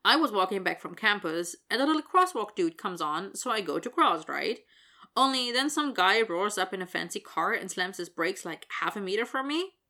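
A man's voice: sits high, expressive, normal speed, bright, forceful tone, full character voice. A woman doing a bubbly young college guy. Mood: cheerful. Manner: bubbly, chatty storyteller.

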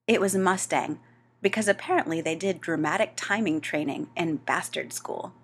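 A woman reading a story aloud as narrator, with a wry, expressive delivery. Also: on the low side, normal speed, husky.

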